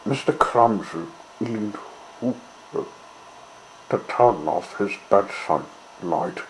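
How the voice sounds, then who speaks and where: A man reading a children's story aloud in a gentle, measured way. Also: lowish voice, a little hiss or hum, poor audio.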